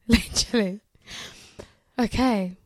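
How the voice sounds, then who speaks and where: A woman co-hosting a podcast, reading a story aloud with animated commentary, often laughing and swearing. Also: medium pitch, slow pace, dry recording. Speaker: podcast co-host.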